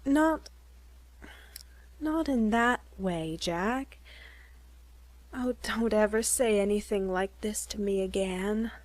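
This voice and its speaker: A woman's voice: medium pitch, slow pace, pauses often, no echo, natural voice. A woman reading as a flustered young woman, pleading and emotional.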